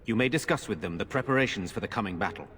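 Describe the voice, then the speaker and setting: A grave, formal noble lord. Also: male voice, fairly low pitch, lively intonation, a bit bright, breathy edge. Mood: grateful. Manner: formal, measured speech. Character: grave noble lord, older brother, earnest man. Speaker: video game character. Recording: long reverb.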